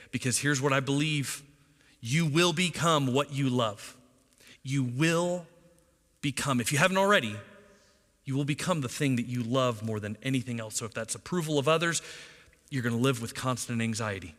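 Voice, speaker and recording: In a church sanctuary with long reverb, a middle-aged pastor preaches conversationally, asking his congregation lots of questions. His voice is medium-pitched and fairly bright, at normal speed.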